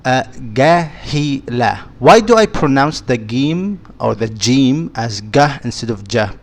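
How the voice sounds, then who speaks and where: A man, an Arabic speaker, leads a beginner lesson at an unhurried, deliberate pace. He patiently repeats and sounds out each letter one at a time, his voice sitting at an ordinary middle pitch. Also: lively intonation, creaky. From Egypt. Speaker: Arabic teacher.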